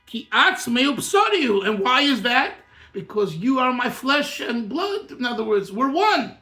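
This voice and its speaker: A rabbi teaching a text, reading each Hebrew line and then explaining it in English. His voice sits very high and sounds bright and forceful. The room is echoey. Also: very animated, measured pace. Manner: reads Hebrew lines and explains them in English, breaks into song. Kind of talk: Torah class, reading and translating a text.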